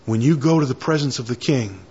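A man's voice: medium pitch, fairly quick, a little mellow, slightly rough, dull audio. A man preaching a sermon, building in fervor through repeated lines and prayers. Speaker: pastor.

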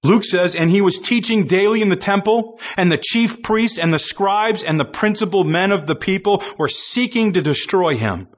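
A man's voice: high voice, expressive, normal speed, few pauses, muffled recording. A man preaching a sermon, reading scripture aloud and acting out quoted voices, building to impassioned emphasis.

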